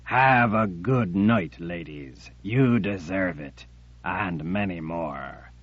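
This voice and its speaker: A man voicing a menacing, gloating male emperor who speaks slowly and mockingly. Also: fairly low pitch, no echo, highs cut off. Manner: slow, mocking and threatening.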